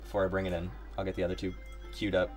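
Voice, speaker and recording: Rambling, joking low-voiced man. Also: monotone, very fast, a little mellow, faint music behind. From Ohio, United States. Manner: rambling, joking, talks to himself. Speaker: livestreaming artist. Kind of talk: casual live-stream chat.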